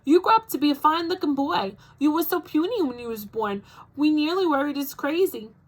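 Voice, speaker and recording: A tiny, bossy old grandmother with a Southern US accent, as a woman reading aloud puts her on. Her voice is squeaky, high and sharp, and she talks loud and fussy. She fusses over her family while scolding them. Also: lively intonation, a little fast. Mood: bossy, doting.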